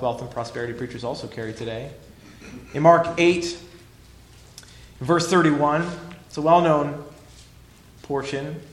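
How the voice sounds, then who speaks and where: A male pastor preaching a sermon emphatically, swinging between loud declarations and hushed lines. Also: medium pitch, roomy sound, slight background noise.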